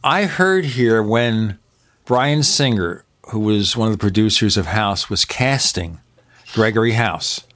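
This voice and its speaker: A man's voice: fairly low pitch, a little slow, a bit bright. A man hosting a podcast in casual chat, talkative and opinionated, piling up examples. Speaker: podcast host. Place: home in Arizona.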